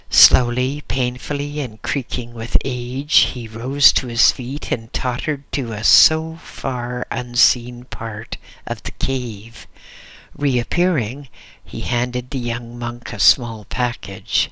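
Man, audiobook narration, very slow, measured storytelling, dry close sound. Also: mid-range voice, steady tone, bright, forceful tone, dry recording.

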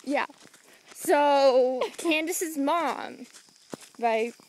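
A woman's voice: high voice, extremely slow, slight background noise, rough recording. A young woman chatting in an easygoing way while walking outdoors at night, recorded on a handheld phone. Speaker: vlogger. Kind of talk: casual chat while walking. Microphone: handheld phone camera.

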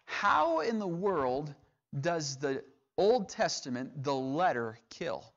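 A man's voice: fairly high pitch, very animated, slow, a bit bright. Man preaching verse by verse. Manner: reads scripture aloud, explains verse by verse. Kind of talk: Bible teaching sermon. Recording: dull lo-fi sound.

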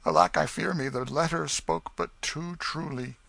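A man voicing a solemn, sorrowful nobleman who speaks slowly and heavily in archaic English. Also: a little high, creaky, fairly bright tone, dry recording, pitched above the performer's own voice, full character voice. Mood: mournful. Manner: slow, heavy, solemn delivery. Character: grave, sorrowful younger brother, nobleman.

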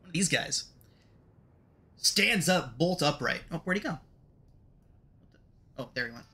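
A man narrating a tabletop game as game master, relaxed and full of fillers. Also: a little high, unhurried.

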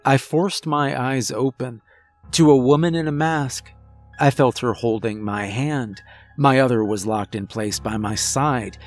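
A man narrating a scripted first-person horror story in a measured, tense way. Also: mid-range voice.

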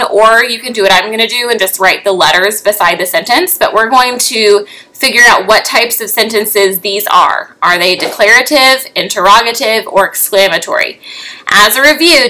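A woman's voice: mid-range voice, pushed and bright, poor audio. A young adult woman teacher giving a remote lesson to young children, patient, with frequent rising "okay?" checks.

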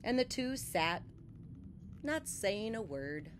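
A woman reading a picture book to children, taking her time over every line. Her voice is lively and swings widely in pitch, and now and then she drops to a soft whisper. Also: noisy background. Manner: animated, slow and expressive, drops to soft whispers. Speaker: children's story reader. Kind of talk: read-aloud storytelling for children.

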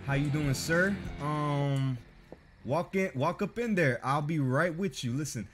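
A man's voice: on the high side, a little slow. A young man streaming a horror game, giving a profane, jumpy, joking running commentary. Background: game music.

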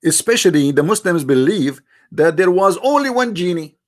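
A man's voice: high-pitched, lively intonation, normal speed. Mocking, argumentative male live-stream host. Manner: mocking and argumentative, piles up rhetorical questions to viewers; non-native English grammar, frequent restarts. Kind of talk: live-streamed religious debate commentary.

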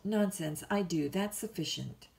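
A woman's voice: fairly low pitch, gravelly, a little mellow. A woman playing a petulant, willful young lady. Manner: petulant, pleading, quick to flare up. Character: willful, restless young woman, twenty-two. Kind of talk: storybook reading.

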